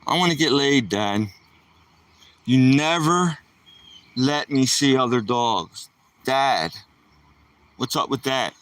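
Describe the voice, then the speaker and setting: A man's voice: mid-range voice, expressive, slow pace, long pauses, a bit bright, no echo. A man voicing his pet dog as a whiny young male pleading with his dad.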